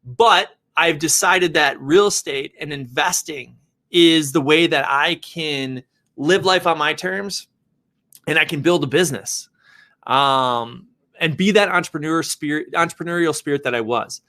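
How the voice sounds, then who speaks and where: A man who works as a real estate agent and developer, telling a personal story in an animated, conversational way. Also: on the high side, measured pace.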